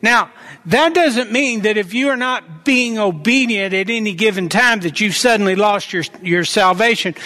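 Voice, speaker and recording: A man's voice: high voice, pushed and bright. A man preaching a sermon, emphatic and exhorting, repeating declarations for weight. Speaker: pastor. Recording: long hall reverb.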